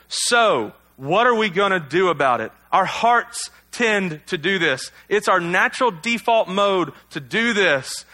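A male pastor preaches in a relaxed, conversational way, throwing rhetorical questions at his listeners and poking fun at himself. His voice is bright and forward, and sits a little higher than most men's. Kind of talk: sermon.

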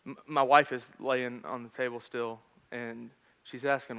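A man in his thirties preaching a sermon in a conversational storytelling manner, swinging between loud and hushed. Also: mid-range voice, flat delivery, measured pace, clear, resonant tone. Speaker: pastor.

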